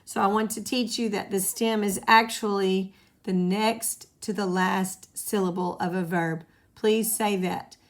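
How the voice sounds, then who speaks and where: A woman's voice: medium pitch, fairly even intonation, unhurried. A woman teaching a Spanish grammar lesson to her students, patiently explaining and having them repeat rules back. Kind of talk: classroom lesson at a whiteboard.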